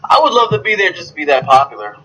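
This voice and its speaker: A man's voice: on the high side, very animated, fast talker, pushed and bright, husky, soft background music, rough recording. A man co-hosting a podcast in casual chat, brash and profane, laughing often. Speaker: podcast co-host.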